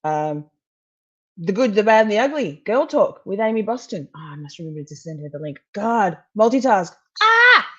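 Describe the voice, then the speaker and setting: A woman's voice: mid-range voice, lively intonation, normal speed, a little mellow, breathy edge, highs cut off. A woman rambling and laughing as she chats casually on a live stream, swearing freely. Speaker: true crime streamer. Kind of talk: casual live-stream chat over court footage.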